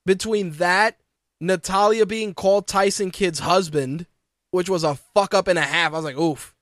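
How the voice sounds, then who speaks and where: A man co-hosting a casual wrestling podcast, talking in an animated, profane way and mocking what he quotes. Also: high-pitched, moderate pace, no echo. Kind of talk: casual chat.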